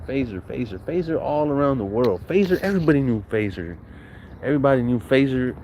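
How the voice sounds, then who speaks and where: A man's voice: mid-range voice, very animated, moderate pace, darkish tone, a little hiss or hum. A young man telling stories from his youth in a casual, slangy, profane way, acting out what people said. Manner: slangy, profane, laughs often, acts out quotes. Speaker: storyteller recounting his youth. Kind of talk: casual storytelling monologue.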